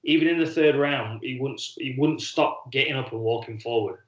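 A man's voice: medium pitch, normal speed, highs cut off. A man, a former fighter co-hosting a podcast, talking in a casual, rambling way and often repeating words as he thinks. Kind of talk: casual chat. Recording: echoey room.

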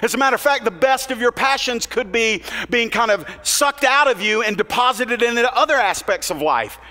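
A man's voice: very high voice, lively intonation, moderate pace, bright, forceful tone. A man preaching a sermon as pastor, earnest and plain-spoken with conversational asides. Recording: long reverb of a large hall.

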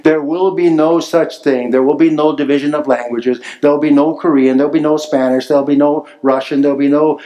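A man's voice: a little high, steady tone, fairly quick, few pauses, warm tone, muffled recording. Emphatic male pastor preaching a sermon. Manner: emphatic preaching with repetition, rising on key phrases. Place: church sanctuary.

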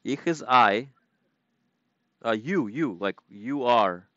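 Man, gamer streamer, slow unhurried speech, dull lo-fi audio, casual and playful. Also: mid-range voice, expressive, fairly bright tone, dry recording. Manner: playful, repeating foreign words to practice. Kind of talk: casual gaming live-stream chat.

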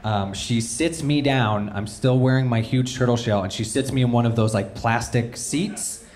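A man from Canada, a stand-up comedian telling a story live on stage, animated, with his voice jumping up when he gets excited. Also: mid-range voice, moderate pace, slight background noise. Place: live comedy venue with audience.

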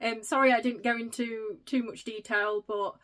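A woman with a slightly high voice talks her way through a home library tour, out of breath and chatty. She often stumbles over her words, filming on a handheld camera in her book room. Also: steady tone, moderate pace, a bit bright. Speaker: book vlogger.

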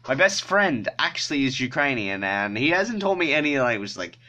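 A man's voice: medium pitch, very animated, moderate pace, bright, forceful tone. A male YouTuber in casual vlog chat, self-mocking and swearing freely.

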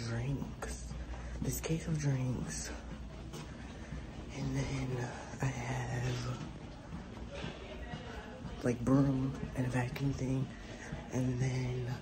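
A young man chatting straight to his viewers in a casual vlog, emotional and animated as he moves through a dorm and around a college campus. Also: medium pitch. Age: young adult. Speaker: vlogger. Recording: phone vlog with background noise.

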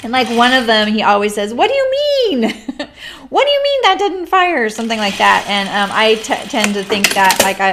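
A woman's voice: medium pitch, gravelly, a bit bright. A middle-aged woman chatting casually with viewers of her live stream while she sews, rambling and laughing often.

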